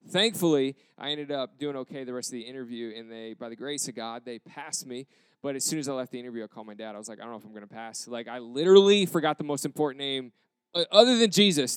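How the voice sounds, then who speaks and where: A man in a casual storytelling style, retelling an embarrassing moment with self-deprecating, animated quoted dialogue. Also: mid-range voice, clear, resonant tone, dry recording.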